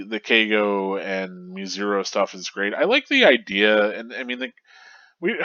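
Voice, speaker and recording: Young guy with a stuffed-up nose, deep bright voice, rambling manga thoughts, dull dry mic. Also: no echo. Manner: rambling, thoughtful, with many fillers and restarts. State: stuffy and congested. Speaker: manga review host. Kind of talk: casual analysis monologue.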